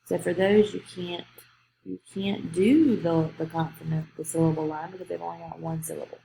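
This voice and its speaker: A woman's voice: fairly low pitch, fairly even intonation, normal speed, creaky, mellow, slight background noise. A woman, teaching a grammar lesson to young students. She explains patiently step by step and checks in with "okay?". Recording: echoey room.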